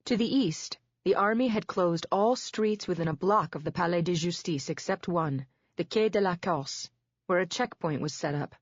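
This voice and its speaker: A woman narrating a first-person psychological thriller audiobook in a measured, steady way. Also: lowish voice, dry recording. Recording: dull, dry lo-fi recording.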